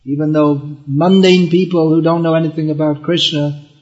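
A man delivers a devotional lecture in a fairly high voice, earnest and explanatory, often doubling back on his words. The recording sounds dull and lo-fi, like an old lecture tape. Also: flat delivery, moderate pace, a little mellow. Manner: chants verses in Bengali. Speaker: spiritual teacher.

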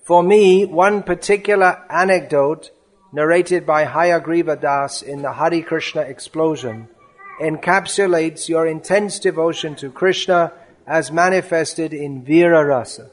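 A man giving a spiritual lecture, reading a devotional offering aloud in an earnest, measured way. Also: fairly high pitch.

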